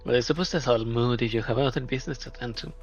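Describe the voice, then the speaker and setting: A man voicing a shrewd, flamboyant female film producer who talks in a smooth, probing, flattering way. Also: medium pitch, very fast, close to an everyday voice. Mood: coaxing. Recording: dull lo-fi, faint music.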